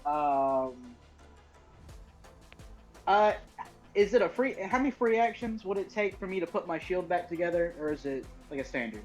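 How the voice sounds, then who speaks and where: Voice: mid-range voice, lively intonation, normal speed, long pauses, darkish tone. A player in a tabletop game talks over a voice call in a mid-range voice, hesitant, with lots of ums and restarts while working through the rules. At gross moments they burst into squeamish outbursts, with faint music underneath. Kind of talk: casual tabletop game chat.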